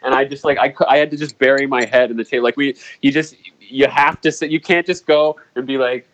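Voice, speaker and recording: A man's voice: mid-range voice, fairly even intonation, fast talker, rough recording. A man on a comedy podcast making exasperated, laughing complaints about a friend. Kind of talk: casual comedy chat.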